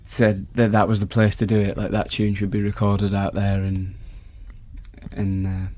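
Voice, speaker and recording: A man's voice: on the low side, completely flat delivery, normal speed, darkish tone. An English man, a musician being interviewed, rambling with lots of fillers. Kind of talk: casual interview chat.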